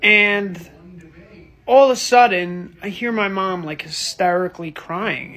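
High, bright young man telling a story. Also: unhurried. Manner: animated, swearing a lot. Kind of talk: casual storytelling.

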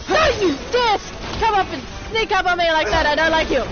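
A woman streaming a video game, reacting excitably, swearing often and mocking herself. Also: very high-pitched, fairly quick, crowd noise. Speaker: gaming streamer. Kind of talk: let's play reactions. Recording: slightly dull stream audio with game music. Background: game music.

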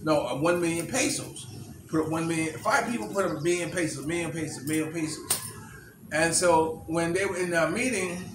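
A man telling a story in a loose, halting way, circling back with "you know" and restarts. His voice sits a little high for a man and is picked up from a distance. The room echoes, and birds chirp clearly in the background. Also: background noise. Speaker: vlogger retelling a movie plot. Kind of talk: casual storytelling.

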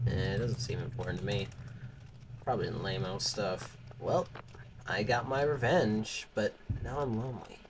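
A man's voice: lowish voice, normal speed, background noise. A man giving casual, crude, rambling gameplay commentary, joking with the game characters. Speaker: gaming channel host.

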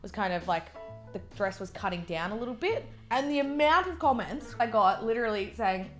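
A young woman with an Australian accent talks through a meal in loose, chatty vlog style, dropping "like" into nearly every sentence. She sits at a middling pitch and moves between easy chatter and a worked-up rant. Faint music plays low behind her. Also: animated, a little fast. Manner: chatty, peppered with "like", gets heated and ranty. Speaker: mukbang vlogger. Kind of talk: casual chat while eating.

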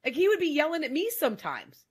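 A woman's voice: high voice, wildly swooping pitch, quick pace. A woman guest on a podcast, telling her personal story in a candid, emphatic, casual way, with frequent "like" fillers.

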